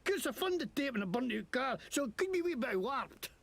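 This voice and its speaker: A man's voice: very high voice, big pitch swings, fairly quick, vocal fry, a bit bright, slight background noise, exaggerated voice. An actor playing a foul-mouthed, boastful Scottish man in a video game, mocking and cursing at lawmen with a Scottish accent. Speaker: game character.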